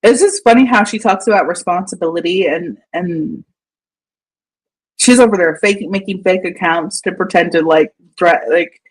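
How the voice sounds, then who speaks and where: A woman's voice: lowish voice, moderate pace, slightly rough, low-quality recording. A woman hosting casual commentary over a shared screen, mocking, swearing and laughing often. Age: adult with a young daughter. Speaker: commentary channel host.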